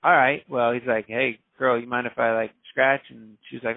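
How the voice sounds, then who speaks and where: A man's voice: mid-range voice, normal speed, gravelly, dry recording. A man, a DJ, telling a story casually and acting out the voices of the people in it. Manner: animated, acts out quoted voices. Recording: dry, phone-like narrow sound.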